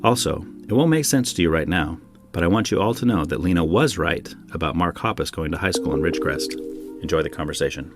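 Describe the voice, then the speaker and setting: A man's voice: low voice, expressive, a little fast, music in the background. A man hosting a podcast from home, delivering a wry, opinionated monologue full of rhetorical questions. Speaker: podcast host. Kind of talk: scripted monologue then casual chat.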